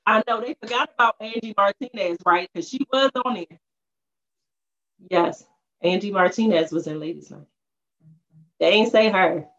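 A woman in casual chat over a music quiz, animated and slangy, laughing as she talks. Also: mid-range voice, normal speed, pauses often. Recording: dull lo-fi sound.

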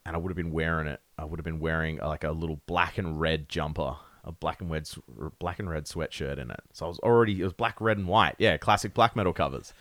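A man's voice: extremely low pitch, fairly even intonation, quick pace, hardly any pauses, fairly bright tone, dry recording. A man, a young adult podcast guest and metal musician, chatting casually, laid-back and rambling with frequent laughs. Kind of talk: casual chat.

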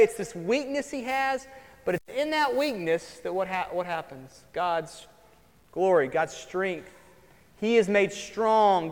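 A man preaching from the pulpit with a high-pitched voice, energetic and conversational. His voice rings out into a church hall that carries a long reverb. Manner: lively preaching, swings between loud emphasis and quiet asides. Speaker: pastor. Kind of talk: sermon.

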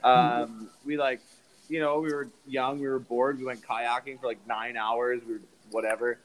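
A man's voice: medium pitch, little pitch movement, moderate pace, low-quality recording. A young man, a podcast co-host, telling a rowdy story in casual chat, swearing often and laughing along.

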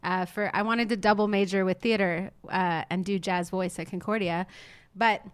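A woman's voice: medium pitch, fairly even intonation, clean tone, no room sound. Fun woman from montreal on a podcast, jokes around, laughs a lot. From Montreal, Canada. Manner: playful, laughing, quick teasing. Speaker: podcast co-host and musician. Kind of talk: casual chat.

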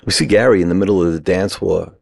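A middle-aged man from New York, casually telling a lively anecdote and acting out the quoted lines. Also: low-pitched, fast, gravelly, dry recording. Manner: animated anecdote-teller, acts out quoted lines. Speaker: guest. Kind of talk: casual storytelling.

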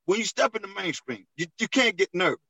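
High-voiced man giving advice, dry sound. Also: very animated, quick pace, sharp tone, breathy edge, no room sound, poor audio. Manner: preachy, repeats phrases for emphasis. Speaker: comedian. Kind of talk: casual chat.

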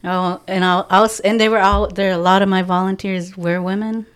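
A woman telling stories in a casual podcast chat, animated, acting out the dialogue of the people in it and laughing often. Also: medium pitch, a little fast, smooth. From from a First Nations reserve community. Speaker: guest, community outreach organizer.

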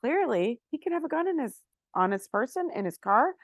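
Her voice is high-pitched and a little fast, with no room sound in the recording. This Florida woman in her thirties co-hosts a podcast and tells a story in relaxed chat, cursing liberally and performing the voices of those she quotes.

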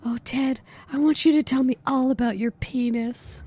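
High, mellow-voiced woman teasing a caller. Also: fairly even intonation, normal speed, slightly rough. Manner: teasing, bossy, mock-seductive. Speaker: prank caller, podcast host. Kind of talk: comedic prank phone call.

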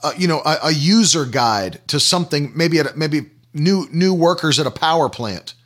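A man's voice: fairly high pitch, animated, normal speed, a bit bright. A man preaching a sermon, teaching through questions and everyday examples and repeating key phrases for emphasis.

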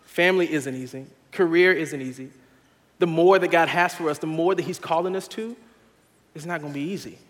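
A young man preaching an earnest sermon to his church, moving from quiet urging to loud, laughing stories about family life. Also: on the high side, fairly quick, big-room sound. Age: young adult. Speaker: pastor.

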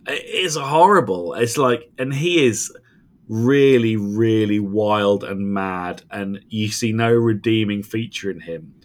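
A man's voice: on the low side, slow pace. Emphatic man in casual podcast chat. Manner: animated, emphatic storytelling with frequent restarts. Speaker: podcast co-host.

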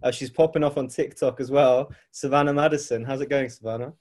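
A man's voice: medium pitch, steady tone, brisk, a little mellow. A young British man hosting a podcast, chatty and rambling as he interviews a guest. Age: young adult. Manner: chatty, rambling, restarts phrases. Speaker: podcast host. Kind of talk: casual interview chat.

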